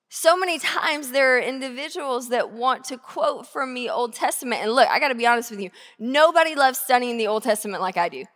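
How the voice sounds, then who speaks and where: A woman pastor giving a sermon, earnest and conversational, slowing down to stress key phrases. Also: high-pitched, bright, forceful tone, long reverb tail. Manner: earnest, conversational preaching with slow emphatic phrases. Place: church sanctuary.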